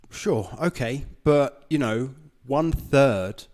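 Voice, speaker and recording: A man co-hosting a casual political chat, measured and hedging in how he speaks. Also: mid-range voice, animated, darkish tone.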